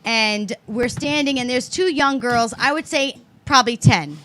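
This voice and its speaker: Woman co-host, high bright voice, animated and profane storyteller. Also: moderate pace. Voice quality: animated, swearing, acts out voices in stories. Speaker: podcast co-host. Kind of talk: casual storytelling chat.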